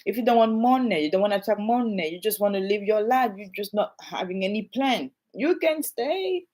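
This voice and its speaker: A woman in her thirties with a French accent, talking straight to her viewers in a casual vlog. She is emphatic and animated, repeating her points and asking the audience questions over and over. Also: mid-range voice, a little fast. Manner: animated, repetitive, emphatic, addresses viewers directly. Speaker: realtor. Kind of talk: casual vlog talk to camera.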